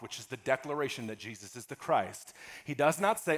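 Guy preaching a sermon in church, lively up and down voice, kinda high, big shouts then hushed bits, keeps asking the room for an amen. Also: moderate pace. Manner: preaching with call-and-response, swinging from loud exclamations to hushed asides. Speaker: pastor.

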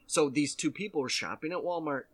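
A man's voice: on the high side, a little fast, slightly rough. A man hosting a casual comedy chat, rambling and joking, often acting out the people he talks about. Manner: rambling, jokey, acts out quoted voices.

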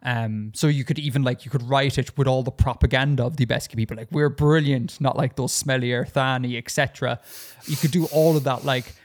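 A man talking casually on a podcast, chatty and loose. He stumbles and restarts his sentences often and fills the gaps with ums. His pitch is in a middle range. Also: quick pace. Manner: chatty, hesitant with many restarts and fillers. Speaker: podcast co-host.

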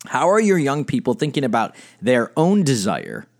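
A middle-aged man, a spiritual director and life coach, giving a blunt, animated teaching talk and reading quotes aloud. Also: mid-range voice, normal speed, creaky. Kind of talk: podcast-style teaching monologue.

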